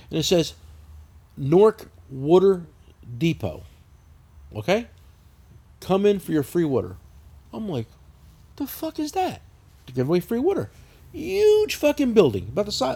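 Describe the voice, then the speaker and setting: A man with a high, husky voice, spinning a profane, animated story. His pitch swoops up and down as he talks, and he breaks into laughter along the way. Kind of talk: casual podcast chat.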